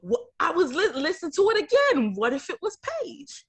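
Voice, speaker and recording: This woman co-hosts a reality TV reaction show, chatting casually about an episode. Her voice is very high-pitched, very animated and a little fast, and her opinions come out outspoken and packed with slang.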